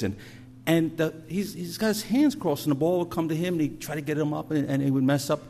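A man's voice: on the high side, expressive, quick pace, hardly any pauses, darkish tone, slight background noise. Conversational male preacher telling stories. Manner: storytelling, conversational, repeats words. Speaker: pastor. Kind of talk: sermon.

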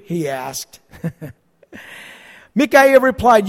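A high-voiced man preaches a Bible study, reading the scripture aloud and breaking off for dry, sarcastic asides. His voice rings out with a long reverb tail, as if it fills a large hall. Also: expressive, normal speed. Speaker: pastor.

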